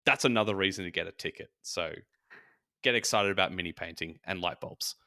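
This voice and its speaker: A man's voice: low voice, a little fast, pushed and bright. A man, co-hosting a podcast in casual chat, joking and laughing often. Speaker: podcast co-host.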